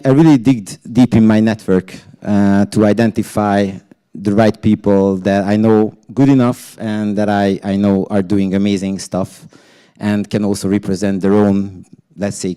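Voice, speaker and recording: A man's voice: lowish voice, mellow, smooth. A man moderating a panel, chatty and a little stumbling, with small jokes. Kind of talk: casual moderation.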